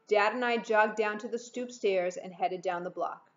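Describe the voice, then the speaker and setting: A woman's voice: mid-range voice, moderate pace. Woman teacher reading a novel aloud. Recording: dull muffled recording.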